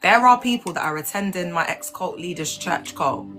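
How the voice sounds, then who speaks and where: This livestream host, a woman on her phone at home, has a fairly low, bright voice that's expressive and forceful, at normal speed, with faint music behind her. She rambles frankly, with plenty of "do you know what I mean" and pet names like "baby" and "my love" for her viewers.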